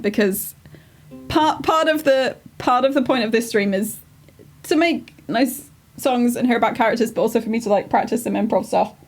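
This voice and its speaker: Chatty woman streamer, rather high voice. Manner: chatty, rambling and self-deprecating. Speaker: streamer improvising songs. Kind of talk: casual live-stream chat.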